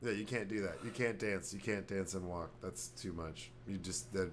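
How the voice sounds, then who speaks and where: A man's voice: sits low, moderate pace, slight background noise. A man hosting a casual podcast, joking and riffing with his co-host. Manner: joking, riffing, puts on silly voices. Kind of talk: casual chat.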